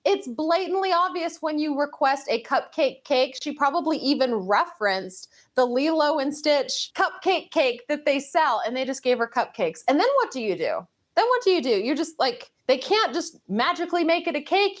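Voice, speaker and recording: Sassy high-voiced woman host. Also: animated, normal speed, few pauses. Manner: sassy, laughing, incredulous. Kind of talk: casual commentary on viral clips.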